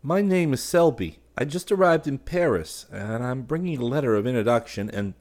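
A man's voice: mid-range voice, animated, normal speed, a little mellow, pitched above the performer's own voice, natural voice. A man doing a shy young student. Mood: nervous. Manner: hesitant, polite. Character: shy nervous young American art student.

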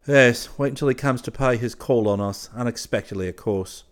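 A man's voice: mid-range voice, normal speed, pitched above the performer's own voice, natural voice. A man reading an audiobook, voicing a dry, laconic young male artist in short, terse replies.

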